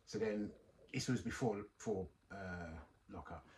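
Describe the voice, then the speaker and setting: A middle-aged man, telling a story in casual chat, animated, with street slang and swearing. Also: fairly low pitch, unhurried, slight background noise. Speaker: guest.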